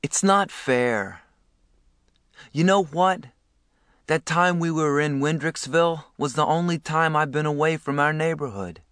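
A man's voice: fairly high pitch, a little slow, a bit bright, smooth, dry recording, studio quality, pitched above the performer's own voice. A man voicing a scared, badly hurt teenage boy who speaks in a shaky, pleading voice that breaks.

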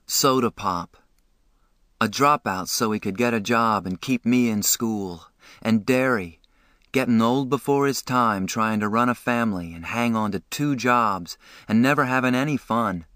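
A man reading a novel aloud as an audiobook narrator, expressive and emotional in the first person. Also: medium pitch, unhurried, dry recording, studio quality.

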